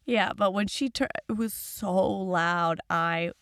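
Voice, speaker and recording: A woman hosting a podcast who tells quick anecdotes and giggles often. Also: medium pitch, a bit bright, dry recording, clean studio sound. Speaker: podcast host. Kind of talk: casual chat.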